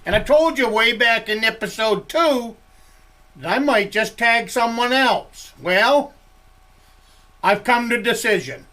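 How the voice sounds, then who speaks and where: A man's voice: extremely high pitch, expressive, slow, sharp tone. An older man with a Maine accent, a woodsman rambling folksy stories from his log cabin with plenty of chuckles. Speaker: woodsman vlogger. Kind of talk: rambling campfire storytelling.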